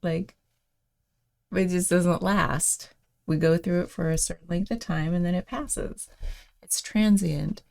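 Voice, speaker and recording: A woman hosting a daily reflection show, thinking aloud in a casual, meandering way with many fillers and soft laughs. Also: on the low side, fairly even intonation, unhurried, gravelly.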